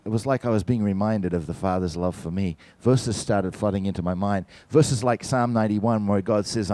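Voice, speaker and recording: Animated man telling a testimony in a sermon. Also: lowish voice, moderate pace, hardly any pauses, dry recording. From from outside the United States. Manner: animated storyteller addressing the congregation. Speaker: visiting church musician and speaker.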